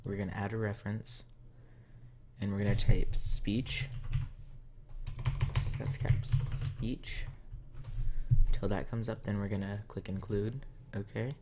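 A man's voice: lowish voice, level tone, unhurried, long pauses, background noise. A man hosting a casual coding tutorial, talking step by step while he types. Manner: talks step by step while typing. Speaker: tutorial host.

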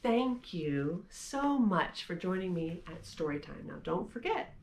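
A woman hosting a library storytime, reading picture books aloud to young children in an animated, sing-song way. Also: on the low side, a little slow, a little hiss or hum.

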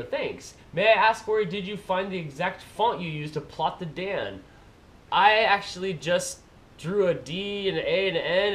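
A man's voice: on the high side, slight background noise. A man vlogger who reads viewer comments aloud and answers them in a casual, playful way. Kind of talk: casual chat.

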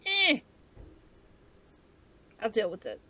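A woman's voice: on the high side, huge pitch swings, slow pace, pushed and bright. A woman co-hosting a casual podcast chat, candid and self-mocking, laughing often as she talks. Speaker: podcast co-host.

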